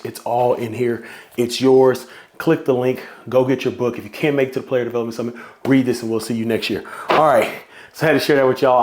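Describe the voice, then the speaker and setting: A man hosting his own podcast solo, talking in an excited, repetitive, hyped-up way. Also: mid-range voice. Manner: excited, repetitive, hype-driven. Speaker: podcast host.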